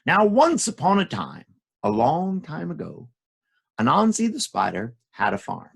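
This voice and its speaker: A man telling folktales to children in a lively, animated way, adding sound effects. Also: a little high, a little slow, gravelly, slightly rough. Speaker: storyteller.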